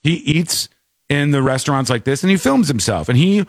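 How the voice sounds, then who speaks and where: A man hosting a show, chatting casually about a viral clip in an animated way, with laughing asides. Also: on the high side, moderate pace, no room sound, clean studio sound. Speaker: show host.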